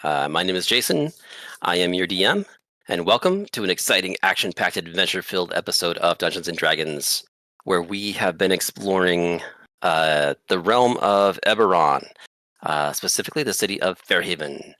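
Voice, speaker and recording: A man narrating as game master of a tabletop game, rambling with many filler pauses. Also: sits low, expressive, sharp tone, no echo.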